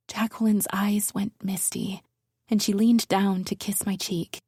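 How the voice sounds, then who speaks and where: A woman narrating a thriller audiobook in the first person, measured and intimate, sometimes dropping to a whisper. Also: mid-range voice, steady tone, warm tone, husky, dry recording, studio quality.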